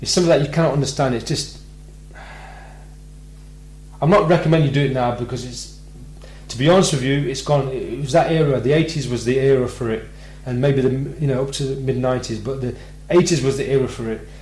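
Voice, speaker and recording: A man from Britain hosting a live radio show, telling a personal story in a lively way and acting out the voices of the people in it. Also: mid-range voice, a little fast, echoey room, a little hiss or hum, rough recording. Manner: animated storyteller, acts out quoted voices. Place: radio studio.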